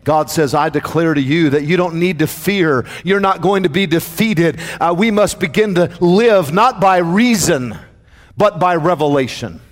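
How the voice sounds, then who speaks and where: A man's voice: a little high, measured pace, long reverb tail. A man preaching a sermon to his congregation, with a dramatic call-and-response cadence. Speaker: pastor.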